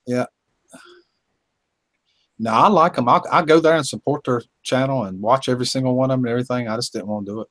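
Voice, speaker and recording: A dry-humored man trades short, teasing remarks in a casual chat with friends. His voice is mid-pitched and the sound is close and dead, with no room around it. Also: fast talker, pauses often, fairly bright tone, no echo.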